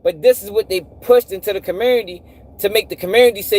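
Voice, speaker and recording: Man, high voice, animated live-stream commentary, rhetorical questions. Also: fast talker. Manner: animated, profane, repeats himself, rhetorical questions. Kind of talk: casual commentary to a live audience.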